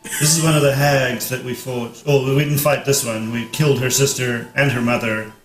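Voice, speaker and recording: A man's voice: mid-range voice, fairly even intonation, moderate pace, slight background noise. Blunt male player, echoey room. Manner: blunt, casual. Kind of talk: tabletop game play.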